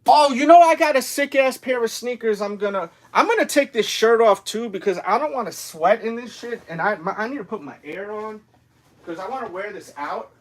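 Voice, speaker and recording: A man's voice: high voice, expressive, fairly quick, rough recording. A man chatting casually and rambling with slang and swearing while livestreaming from home. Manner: loose, rambling, slangy and profane. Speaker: streamer reacting live. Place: home room.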